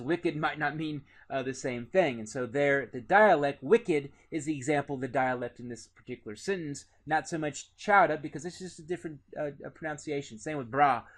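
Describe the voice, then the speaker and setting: Man lecturing, higher-pitched voice. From Indiana. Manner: relaxed, lots of "uh" fillers, conversational. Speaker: teacher. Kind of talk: recorded classroom lecture.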